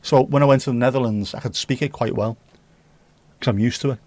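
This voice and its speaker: A medium-pitched Scouser from Liverpool hosts a casual livestream, talking briskly in a darkish tone with no room sound. He's jokey and chatty, reading chat comments to his viewers.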